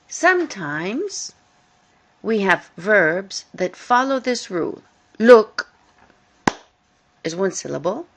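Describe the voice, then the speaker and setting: A woman teaching English grammar in a recorded lesson, explaining slowly and carefully and repeating key points. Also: fairly low pitch, creaky, a bit bright. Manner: slow, careful explaining with repetition.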